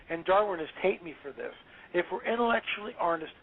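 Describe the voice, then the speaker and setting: A male author talking as an interview guest, emphatic and preachy, quick to exclaim. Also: high-pitched, slightly rough. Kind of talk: animated interview talk. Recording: tinny phone-line audio.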